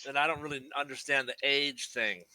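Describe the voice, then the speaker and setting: A man playing in a tabletop game, talking in a deadpan way. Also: medium pitch, brisk, no room sound, poor audio. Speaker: player. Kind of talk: casual tabletop game play.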